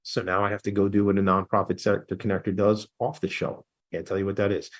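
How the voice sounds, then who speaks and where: A man hosting a radio talk show, chatting in a casual, excitable and effusive way. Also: lowish voice, fast.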